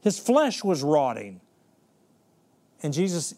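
A man preaching a sermon, telling a Bible story with slow, emphatic scripture reading and sudden hushed, quick asides. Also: a little high, lively intonation.

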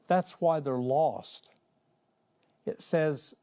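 A man preaching a sermon in an animated way, acting out voices and quoting scripture. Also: fairly high pitch, a little slow. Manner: animated, acts out voices and quotes.

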